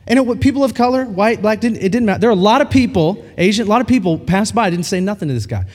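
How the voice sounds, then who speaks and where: Male pastor, high and animated delivery, storytelling sermon in a big echoing hall. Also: fast. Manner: animated storytelling preacher, acts out quoted dialogue. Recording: long hall reverb.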